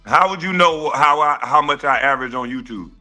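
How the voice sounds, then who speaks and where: A man's voice: fairly high pitch, a little fast, sharp tone. A man who is a former pro basketball player, arguing in a heated casual way, taunting and dismissive and swearing a lot.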